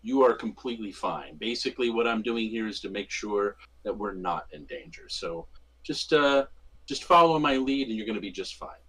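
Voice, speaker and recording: A man playing a charming, smooth-talking investigator. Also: lowish voice, expressive, bright, forceful tone, heavily acted. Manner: measured, persuasive, courteous.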